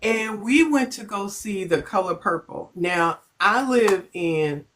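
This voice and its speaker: A woman's voice: medium pitch, animated, slow pace, a bit bright, a little hiss or hum. A middle-aged woman from Chicago telling a personal story on a phone livestream, rambling and stopping to greet viewers. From Chicago, United States. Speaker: host of a livestream.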